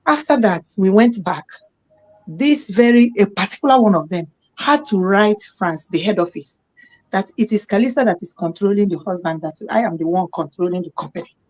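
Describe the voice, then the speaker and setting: Animated Nigerian woman telling a story. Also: mid-range voice, moderate pace. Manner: animated, acts out the quoted voices of others. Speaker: guest on a live discussion program. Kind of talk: personal storytelling in a live talk.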